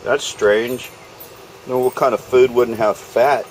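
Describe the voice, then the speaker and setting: A man's voice: medium pitch, steady tone, slow, slight background noise, poor audio. A man hosting a casual barbecue vlog outdoors, joking with the viewers and talking to the food as he cooks. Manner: folksy, jokey, talks to the food and the viewers. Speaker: backyard barbecue vlogger. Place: outdoors at a backyard smoker.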